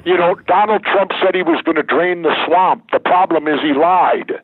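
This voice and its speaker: A man's voice: sits high, moderate pace, breathy edge, no room sound. An older man, a former governor, talking bluntly and emphatically as an interview guest. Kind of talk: candid interview talk. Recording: tinny phone line, dry.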